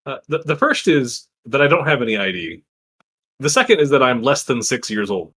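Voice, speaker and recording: A man at a tabletop game table with a lively, up-and-down voice, delivering his jokes in a dry, deadpan way. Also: medium pitch, moderate pace, breathy edge. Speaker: player. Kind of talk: casual tabletop play.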